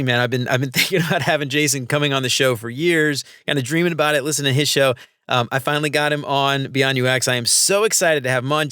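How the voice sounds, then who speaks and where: A man's voice: fairly high pitch, a bit bright, no echo, studio quality. A man hosting a casual podcast interview, talking enthusiastically and gushing about his guest. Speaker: podcast host.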